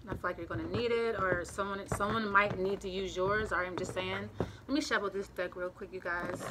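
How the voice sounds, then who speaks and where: A woman's voice: medium pitch, steady tone, fairly quick. A woman who is out of breath gives a casual, rambling tarot reading to camera from the front room of her home. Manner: rambling, chatty, repeats herself. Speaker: tarot reader. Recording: home recording with clear street noise. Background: street noise, passing cars.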